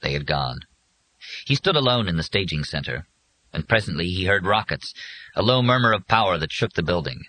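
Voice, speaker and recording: A man narrating an audiobook in an expressive, measured way. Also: low voice, low-quality recording.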